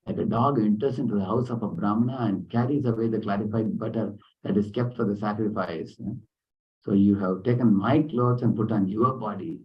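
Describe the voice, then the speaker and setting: A man's voice: fairly low pitch, fairly quick, muffled recording, lightly acted. A man voicing a furious young woman, a sage's proud daughter, who scolds and insults a friend in a storybook retelling. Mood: scornful.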